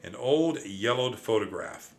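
A man reading a children's storybook aloud in an expressive first-person narration. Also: lowish voice, measured pace, creaky.

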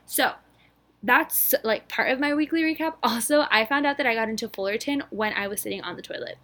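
A young woman in her twenties chats alone into her podcast mic, bubbly and a little out of breath. She rushes through her thoughts with plenty of filler words. Her voice sits a touch high. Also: fairly bright tone. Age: 20s. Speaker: podcast host. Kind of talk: casual solo podcast chat.

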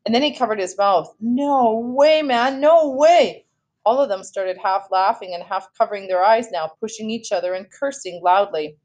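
Lady reading a kids' book out loud, steady pace, fixes little slips as she goes. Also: medium pitch, a little fast, hardly any pauses. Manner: steady storytelling with small self-corrections. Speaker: read-aloud host. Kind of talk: reading a novel aloud.

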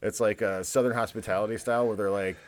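A man's voice: lowish voice, fairly even intonation, fast, crowd noise. A man co-hosting a casual podcast chat, talking loosely and with profanity. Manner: loose and profane, mimics accents for laughs. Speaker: podcast co-host.

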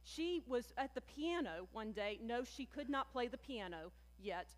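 A woman pastor preaches with a high, bright-pitched voice, talking to her congregation as friends and leaning hard on key words. Her voice rings out with a long echo, as if it fills a large sanctuary. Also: unhurried. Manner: conversational, addresses listeners as friends, animated emphasis. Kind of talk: sermon. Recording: long hall reverb.

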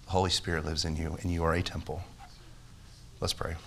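Man, pastor, sermon, deep voice, bright and forceful, emphatic repetition. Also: level tone, a little fast, gravelly, a little hiss or hum. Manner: earnest, repetitive emphatic phrasing; prays with rising intensity. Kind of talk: sermon with closing prayer.

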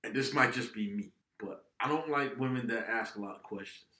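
A man in his thirties, co-hosting a podcast in casual, animated chat, swearing freely and laughing often. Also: medium pitch, brisk. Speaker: podcast co-host. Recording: echoey room.

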